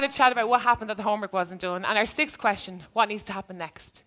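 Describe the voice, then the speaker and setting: Woman, teacher giving a talk; bright, mid-pitched, earnest storyteller who acts out dialogue softly. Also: a little fast, few pauses. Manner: earnest, reenacts dialogue in a hushed voice.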